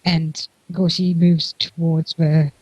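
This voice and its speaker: Game master: husky male voice, loose and chatty, dry close sound. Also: on the high side, little pitch movement, measured pace, no echo, poor audio. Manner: laughs often, loose and chatty. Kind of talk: narrating a tabletop game.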